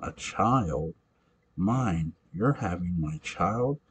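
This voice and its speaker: A man's voice: lowish voice, measured pace, darkish tone, husky. A man reading the part of a jealous, enraged male vampire in an amateur audiobook, with a snarling, menacing delivery.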